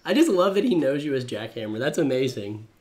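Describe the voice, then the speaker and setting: A man's voice: medium pitch, very animated, brisk, over a noisy crowd. A man co-hosting a casual livestream from his room at home, joking and sarcastic, greeting viewers by name. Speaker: co-host of a comics livestream. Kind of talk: casual live-stream chat.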